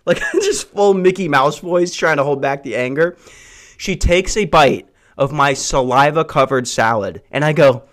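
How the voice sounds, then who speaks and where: A man's voice: fairly high pitch, moderate pace, a bit bright. A man hosting a solo comedy podcast from a house, ranting in a crude, profane and self-mocking way. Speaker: podcast host. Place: hot brick house.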